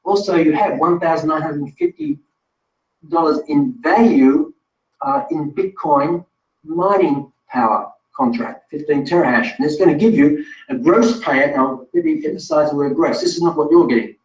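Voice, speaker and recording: A man's voice: a little high, lively intonation, moderate pace. A man presenting a live online webinar, talking straight to viewers in a chatty, self-correcting way. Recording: distant roomy lo-fi sound.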